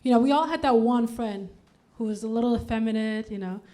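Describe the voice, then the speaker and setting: A Danish woman performs a stand-up comedy set on a club stage, delivering deadpan setups and punchy acted-out quotes while the audience laughs behind her. Her voice is a little high and her pace a little fast.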